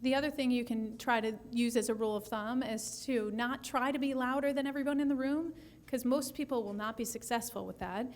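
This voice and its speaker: A woman's voice: on the high side, fairly quick. A woman speech therapist answering audience questions at a session, explaining patiently with frequent restarts.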